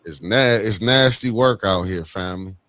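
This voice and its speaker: A deep-voiced man hosts a casual livestream chat. He talks in loose slang and greets his viewers one by one by name. His tone stays low and easygoing. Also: normal speed, bright, forceful tone, no room sound. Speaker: livestream host.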